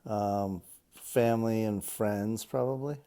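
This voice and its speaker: A fifty-year-old man with a Boston accent, reading a passage and answering interview questions with many ums and pauses. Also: on the low side, steady tone, dark tone. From Cape Cod, Massachusetts. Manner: hesitant, many ums and uhs.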